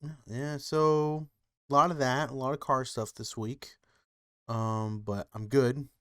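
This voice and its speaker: A man co-hosting a podcast in casual chat, laid-back and halting. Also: medium pitch, steady tone, fairly bright tone, clear, resonant tone, no echo, clean studio sound. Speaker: podcast co-host.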